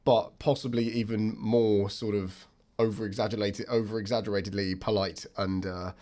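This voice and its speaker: A young man in his twenties co-hosting a chat podcast, talking politely and thoughtfully with many pauses and fillers. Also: on the low side, flat delivery, darkish tone. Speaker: podcast co-host, stand-up comedian. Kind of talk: casual chat.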